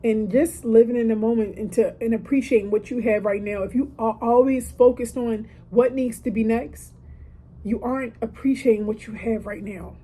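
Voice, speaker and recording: Woman, 30s, mellow, casual gratitude monologue from a hotel room. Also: on the high side, fairly even intonation, normal speed, husky. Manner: emotional, preachy, asides like "listen" and "okay". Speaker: podcaster.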